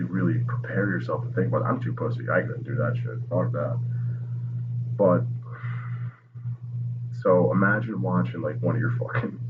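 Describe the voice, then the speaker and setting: A young man hosting a podcast, telling history in a casual, rambling, profane and jokey way. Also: deep voice. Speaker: podcast host. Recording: tinny phone-like line with noise.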